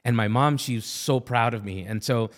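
A man's voice: mid-range voice, moderate pace. A man in his forties with a Southern California Latino accent, telling family stories as a podcast guest, acting out relatives' voices and slipping into Spanish. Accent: Southern California Latino English. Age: 40s. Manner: animated, acts out family voices, switches into Spanish. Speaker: podcast guest, Army veteran. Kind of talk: casual storytelling interview.

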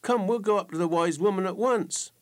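A man's voice: high voice, brisk, voice pushed up, natural voice. A man voicing a grieving, simple-minded young man who sobs and pleads in rustic dialect. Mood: eager.

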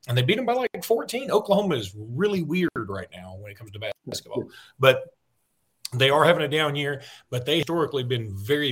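Southern guy co-hosting a sports podcast, rambly and folksy, keeps cutting himself off, middle pitch. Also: a bit bright. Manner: rambling, self-interrupting, folksy. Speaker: podcast co-host. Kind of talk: casual sports podcast chat.

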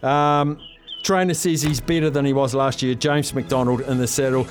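A man hosting a phone-in radio segment, upbeat and excitable as he rattles off racing form. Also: medium pitch, moderate pace. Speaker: radio host.

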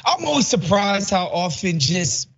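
Measured male co-host, muffled audio. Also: high voice, very animated, gravelly, a bit bright. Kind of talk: news commentary discussion.

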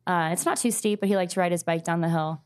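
A woman in her thirties, a guest, telling a painful personal story in a halting, soft-spoken way with many pauses. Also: fairly low pitch, steady tone, clean tone. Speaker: grieving mother guest.

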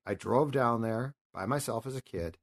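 Impassioned middle-aged sports talk host. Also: male voice, medium pitch, normal speed. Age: 50s. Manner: impassioned, rambling, emotional storytelling.

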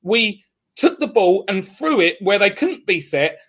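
A man hosting a podcast speaks with a notably high voice. He argues his point with force and insistence, pressing each claim hard. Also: very animated, unhurried, a bit bright. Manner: emphatic, argumentative. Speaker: podcast host. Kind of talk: casual podcast chat.

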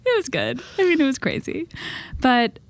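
A woman's voice: sits high, big pitch swings, normal speed. A woman who is a guest editor on a casual podcast, talking playfully and laughing between phrases. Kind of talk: casual chat.

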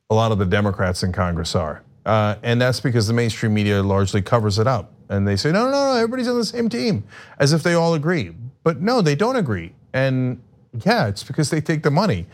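A man hosting an interview show, questioning a guest in a pointed, wry way. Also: mid-range voice. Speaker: show host. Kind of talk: casual interview.

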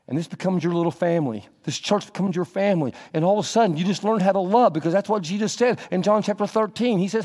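A man preaching a sermon as pastor, animated, acting out little scenes in a raised voice. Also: fairly high pitch, big-room sound.

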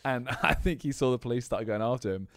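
A man co-hosting a podcast, telling stories in a casual, animated way with laughs. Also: mid-range voice, fast, dry recording. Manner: storytelling, animated bursts, laughs. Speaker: podcast co-host. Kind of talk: casual chat.

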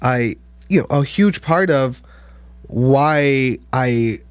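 A man's voice: mid-range voice, smooth, no echo. A man filmmaker talking animatedly in a casual podcast conversation, full of fillers. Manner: animated, fast, lots of fillers. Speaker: filmmaker guest.

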